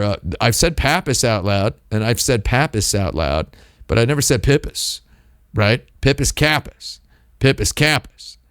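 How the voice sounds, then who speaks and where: Man, stream host, deadpan, rambling, playful with nonsense words, lively pitch. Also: smooth, no echo, studio quality. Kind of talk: rambling comedic monologue.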